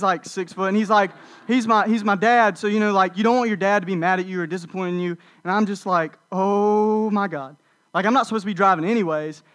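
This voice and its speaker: Young male college preacher, light high voice, loose storytelling delivery with fillers. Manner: casual, animated storytelling with many fillers. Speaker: college ministry speaker. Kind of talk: storytelling sermon.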